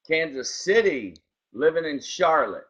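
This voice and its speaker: A man's voice: on the high side, sing-song, unhurried, fairly bright tone. A male co-host in casual chat who enthusiastically greets listeners by name. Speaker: podcast co-host. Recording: dull lo-fi sound.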